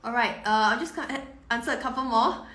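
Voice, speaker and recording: A woman in her thirties, a parenting coach answering viewer questions on a live stream, warm and reassuring, often repeating words as she thinks. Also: fairly high pitch, quick pace. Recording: roomy echo.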